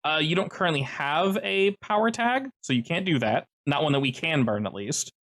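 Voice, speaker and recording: Animated game master man. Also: fairly high pitch, normal speed. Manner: lively, explanatory, many fillers. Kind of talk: running a tabletop game over voice chat.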